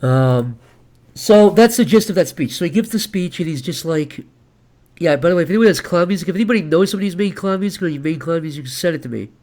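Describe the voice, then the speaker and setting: A man's voice: on the high side, animated, fast, a little mellow. A young man live-streaming at his computer, rambling casually as he thinks aloud, full of fillers and restarts.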